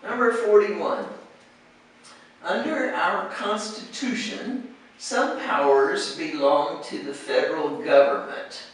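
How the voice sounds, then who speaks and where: An American woman teaching pronunciation, patiently encouraging and saying words slowly to model them. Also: fairly low pitch. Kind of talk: one-on-one pronunciation coaching. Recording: echoey room, distant mic, faint noise.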